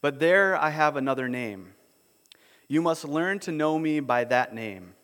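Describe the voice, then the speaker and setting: Aslan, a gentle solemn lion, as a man reads him aloud. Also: fairly high pitch, animated, a little slow, pitched above the performer's own voice. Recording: long hall reverb.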